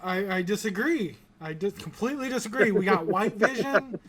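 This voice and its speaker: Over a noisy crowd, a Southern American podcast host runs a casual pop-culture review chat, rambling, restarting often and swearing casually. His voice sits high and is expressive, at normal speed.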